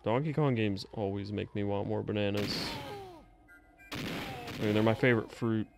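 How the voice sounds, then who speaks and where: A man giving casual live commentary as he plays a game, reacting out loud, swearing freely and talking back to the game. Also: fairly low pitch, steady tone, moderate pace, creaky, background noise. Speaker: streamer.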